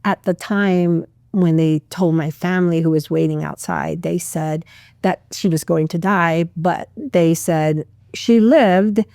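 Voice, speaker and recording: A middle-aged woman, a pharmacist guest on a podcast, recounting a personal story in a heartfelt, expressive way and acting out what people said. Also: lowish voice, a little slow, vocal fry, no room sound, clean studio sound. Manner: heartfelt, expressive retelling with acted-out quotes.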